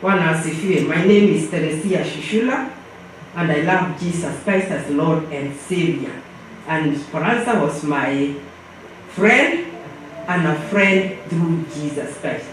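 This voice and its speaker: A woman's voice: low-pitched, unhurried, a little hiss or hum. An older woman with a Kenyan accent speaking fervently and preacher-style at a memorial service, heard from far off in an echoey church hall. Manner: fervent, preacherly, repeats "praise the Lord".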